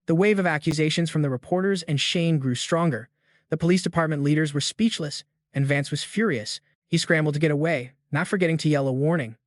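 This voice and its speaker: A man giving a steady, scripted narration of a story recap. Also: fairly high pitch, brisk, no echo, studio quality.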